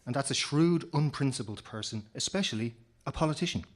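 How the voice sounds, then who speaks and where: Guest man on a comedy panel, mid-pitched, eager chuckling explainer. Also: lively intonation, brisk, heavy background noise. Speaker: guest expert on old words. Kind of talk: radio panel chat.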